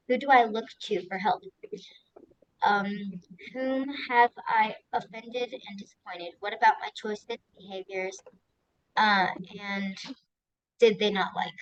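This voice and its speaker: A young woman student reading a list of questions aloud in class, careful and a little halting. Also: medium pitch, a bit bright, dry recording, low-quality recording.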